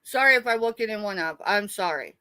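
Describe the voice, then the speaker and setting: A woman's voice: medium pitch, lively intonation, fairly quick, bright, forceful tone, no echo. A middle-aged woman, ranting angrily and tearfully on a late-night live stream. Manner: angry, tearful, confrontational.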